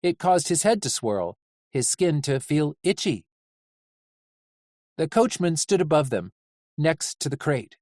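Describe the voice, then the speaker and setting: An audiobook reader giving measured, animated narration of a story. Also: mid-range voice, no echo, studio quality. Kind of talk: scripted narration.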